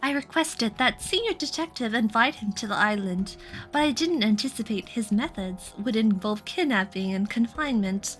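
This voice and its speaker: A woman voicing a calm, composed female detective in a soft, measured voice while playing a story game. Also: a little high, faint music behind.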